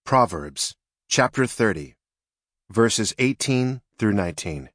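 Man, audiobook narrator, measured storytelling, lowish voice, dry studio sound. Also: expressive, a bit bright, no room sound.

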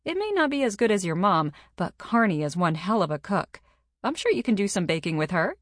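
A woman's voice: medium pitch, sing-song, brisk, no room sound, clean studio sound. A woman voicing a cheerful, reassuring young woman friend who talks in a chirpy, upbeat way.

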